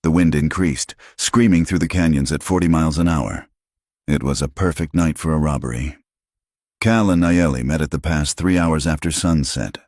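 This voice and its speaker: A man narrating a western audiobook in a measured, even storytelling manner. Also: a bass voice, dry recording, clean studio sound.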